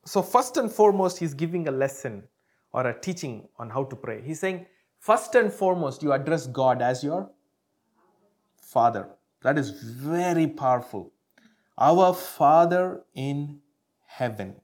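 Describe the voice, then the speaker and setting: A pastor preaching a sermon, telling a testimony and praying, with sudden jumps between loud and soft phrases. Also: male voice, on the high side, lively intonation, normal speed. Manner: storytelling with sudden swings in loudness, calling out "come on now".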